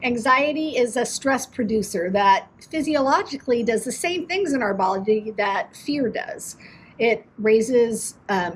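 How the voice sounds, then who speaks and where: A woman's voice: fairly high pitch, slight background noise, low-quality recording. A woman swim instructor giving parents earnest, encouraging advice in a direct, explanatory talk.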